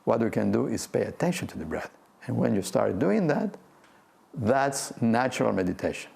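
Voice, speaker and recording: Older man, very gravelly voice, animated pitch, relaxed meditation talk, easy laughs. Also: moderate pace. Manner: gentle, playful, laughs often. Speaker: quantum physics professor and meditation teacher. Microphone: video talk to a remote audience.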